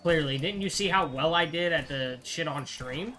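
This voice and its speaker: A young man plays a game online with others, chatting casually, swearing a lot and rambling through anecdotes. His voice is on the high side and sharp in tone, at normal speed, with slight background noise.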